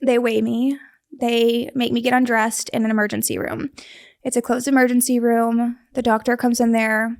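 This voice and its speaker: Creaky-voiced young woman telling a story. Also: on the high side, level tone, normal speed. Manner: vivid, earnest retelling with many restarts. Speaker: guest sharing a survival story. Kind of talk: casual conversational storytelling.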